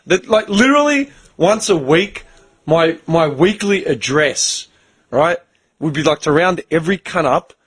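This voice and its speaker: Casting: young male podcast host, husky voice, slightly high-pitched, blunt and profane. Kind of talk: casual chat.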